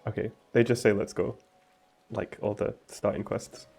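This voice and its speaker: A man's voice: on the low side, flat delivery, moderate pace, gravelly, darkish tone, soft background music. A man co-streaming a game, reading its dialogue aloud with laid-back, dry asides. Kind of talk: casual gaming chat and dialogue read-alouds.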